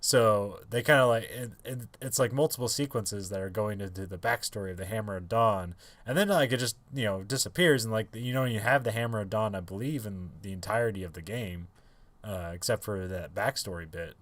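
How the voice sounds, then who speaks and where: A man's voice: on the low side, a little fast, a bit bright, dry recording. A man co-hosting a podcast in casual chat, rambling with many fillers and restarts and laughing often. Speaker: podcast co-host.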